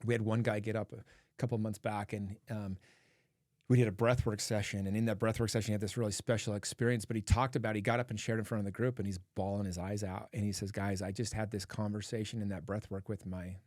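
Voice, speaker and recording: Earnest low-voiced man telling stories. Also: level tone, fast talker, a little mellow, no echo, studio quality. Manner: earnest, storytelling, frequent "like" fillers. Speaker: podcast guest, men's coach. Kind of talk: casual podcast conversation.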